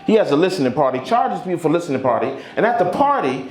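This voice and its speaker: A man's voice: fairly high pitch, very animated, rapid-fire. A man of fifty doing a stand-up set, with a profane, punchy delivery. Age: 50s. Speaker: stand-up comedian. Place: comedy club stage. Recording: echoey club with crowd.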